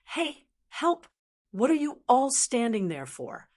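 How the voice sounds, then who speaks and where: A woman reading a sharp-voiced, cursing male blackbird. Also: fairly high pitch, lively intonation, unhurried. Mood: pleading. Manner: cursing and complaining. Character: foul-mouthed, whiny male talking blackbird. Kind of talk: audiobook character reading.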